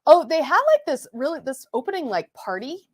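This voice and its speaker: A bubbly woman co-hosts a casual live podcast. Her voice sits fairly high and swoops all over the place. She giggles a lot and leans on "like" as she chats. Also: big pitch swings, a little fast. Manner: bubbly and giggly, with many "like" fillers. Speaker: podcast co-host. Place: home recording setup in Long Beach, California. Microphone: new podcast microphones.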